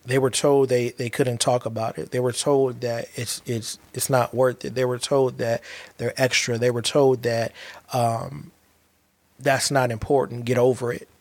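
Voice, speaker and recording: A man's voice: medium pitch, level tone, a little slow. A man and father giving a heartfelt monologue, earnest and emphatic, often repeating and restarting his words.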